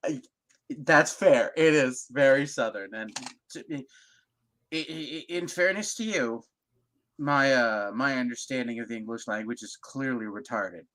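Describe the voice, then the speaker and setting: A man with a middle-pitched, ordinary voice co-hosts a loose stream chat. He trades dark jokes and laughs easily. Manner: joking, dark humor, quick to laugh. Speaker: stream co-host. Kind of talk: casual profane chat.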